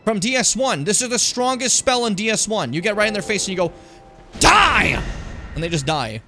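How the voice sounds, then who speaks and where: Animated young man streaming a game. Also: sits high, fast, a little hiss or hum. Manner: animated, swings from mutters to yells at enemies. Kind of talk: gaming stream commentary.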